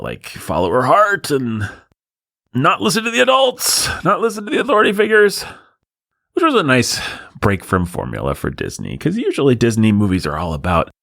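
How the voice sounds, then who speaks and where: A man's voice: low-pitched, a bit bright, no echo. A man hosting a podcast alone in the studio, riffing in a sarcastic, rambling way. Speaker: podcast host. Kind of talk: solo podcast monologue.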